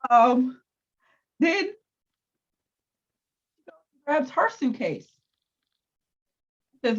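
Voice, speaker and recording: A woman co-hosting a casual review chat, recapping scenes in an animated, profane way. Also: on the high side, moderate pace. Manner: animated recapping with acted-out quotes. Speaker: co-host. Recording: dull lo-fi sound.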